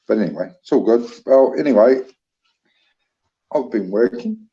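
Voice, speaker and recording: A man's voice: medium pitch, animated, moderate pace, dark tone, husky, lo-fi sound. A man with a New Zealand accent, chatting casually on a livestream, joking easily and answering chat comments. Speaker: livestream co-host reading chat.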